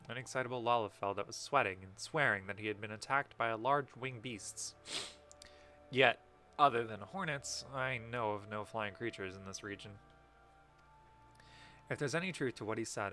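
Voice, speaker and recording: A man's voice: fairly low pitch, brisk, bright, forceful tone, faint music behind. A man reading as a stern stable master.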